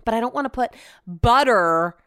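A woman's voice: fairly high pitch, animated, moderate pace, a bit bright, dry recording, clean studio sound. A woman hosting her own show, telling stories in a rambling, casual way, full of "like" and swearing. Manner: chatty, rambling, heavy use of "like" and swearing. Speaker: podcast host. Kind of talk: casual storytelling chat.

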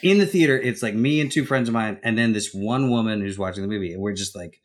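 A man's voice: fairly low pitch, quick pace. A man co-hosting a comedy podcast, telling a wry story in a hesitant, filler-heavy way. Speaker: podcast co-host. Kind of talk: casual chat, storytelling.

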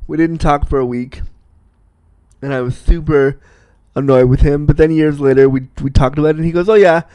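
A young man telling a personal story in a casual, animated, self-mocking way, laughing often. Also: fairly high pitch, brisk, clear, resonant tone, no echo.

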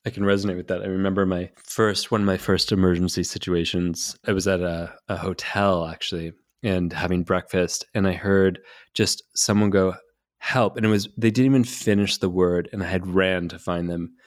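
A man hosting a podcast conversation, speaking in a reflective, calm way. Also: low-pitched, moderate pace, no room sound, clean studio sound.

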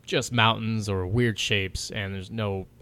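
A man's voice: fairly low pitch, fairly even intonation, takes it slowly, pushed and bright, clean tone. A man hosting a podcast, reading from his notes in a loose, joking way with laughs and swearing. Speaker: podcast host. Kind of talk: casual chat, reading notes.

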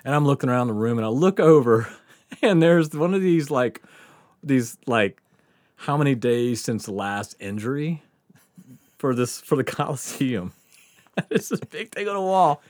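A man's voice: mid-range voice, lively intonation, unhurried, darkish tone, no echo, studio quality. A man hosting a podcast, telling a story in casual chat, laughing often and swearing freely. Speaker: podcast host.

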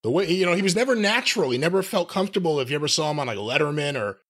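A man's voice: fairly high pitch, lively intonation, very fast, a bit bright. A man co-hosting a podcast in casual chat, wry and asking pointed questions. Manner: wry, asks questions, mimics voices. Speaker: podcast co-host.

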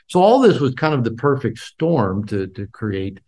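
A man's voice: mid-range voice, very animated, normal speed, a little mellow. An older man in an interview, a therapist and author, telling his personal story candidly and reflectively, with many fillers and restarts.

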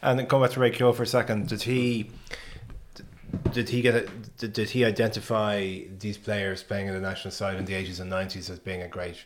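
A man from Ireland with a low voice talks things through in a casual discussion. He is thoughtful and often circles back to restart a sentence. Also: flat delivery, brisk, a little hiss or hum.

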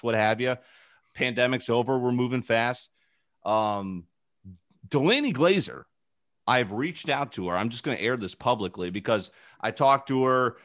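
A man's voice: lowish voice, a bit bright, no room sound. A man in his twenties hosting a casual podcast from his home studio, rambling through stories with lots of fillers. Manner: rambling, filler-heavy storytelling. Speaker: podcast host.

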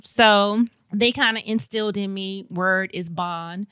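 Bright animated woman storyteller. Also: mid-range voice, a little slow, clean tone, no room sound. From St. Louis, Missouri. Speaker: podcast guest. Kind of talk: casual storytelling.

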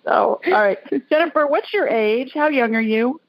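A woman's voice: a little high, normal speed, dry recording, lo-fi sound. A woman from Alabama hosting a call-in radio show, talking in a chatty, folksy way. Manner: chatty, folksy, laughs easily. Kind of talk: casual call-in chat.

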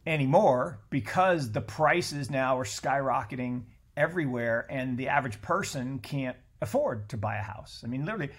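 A middle-aged man talking as a podcast guest in a casual conversation, animated and blunt, swearing freely and often restarting his sentences. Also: medium pitch, normal speed, hardly any pauses, husky.

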